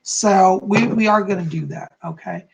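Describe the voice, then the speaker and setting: A man hosting a live stream, reading viewers' comments aloud and answering them with gentle, reassuring psychic readings. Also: sits high, normal speed, gravelly, a little hiss or hum, rough recording. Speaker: psychic host.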